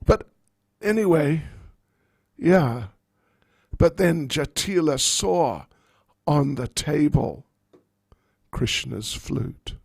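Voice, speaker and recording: A monk giving a sermon, telling a story in an animated, playful way. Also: male voice, fairly high pitch, drawn-out words, gravelly, long pauses, slightly rough, no room sound.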